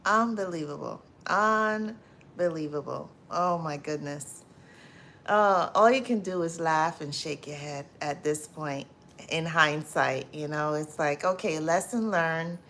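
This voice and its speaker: A woman hosting a casual livestream, greeting viewers by name and reading their comments aloud, laughing loudly and often and repeating her phrases. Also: low-pitched, slow pace, a little hiss or hum. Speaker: livestream host.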